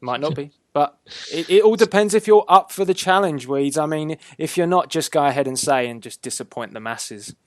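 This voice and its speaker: A man's voice: a little high, normal speed, no echo. A man hosting a casual wrestling chat show, upbeat and teasing, drawing out his announcements. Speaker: host.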